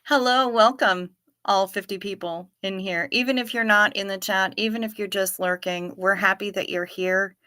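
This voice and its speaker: Bright-voiced woman hosting a casual livestream. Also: medium pitch, steady tone, normal speed, dry recording, clean studio sound. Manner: chatty, reads viewer comments aloud and answers them. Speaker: livestream host.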